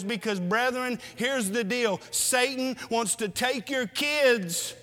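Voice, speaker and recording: A man's voice: very high voice, takes it slowly, hardly any pauses, pushed and bright. A man preaching a sermon, exhorting his congregation with rhetorical questions. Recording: long hall reverb.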